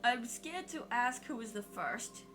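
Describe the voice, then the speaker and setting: A woman's voice: a little high, expressive, unhurried. A woman streamer with a put-on Australian accent and a congested throat, chatting playfully and scolding her chat. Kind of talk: casual live-stream chat. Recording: background music playing.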